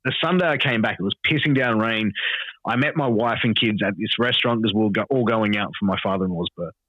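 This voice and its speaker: A man's voice: lowish voice, quick pace, no room sound. An Australian man in his thirties, a podcast guest telling stories in casual chat, swearing freely and acting out the dialogue. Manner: animated, swears freely, acts out quoted dialogue. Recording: dull, dry podcast audio.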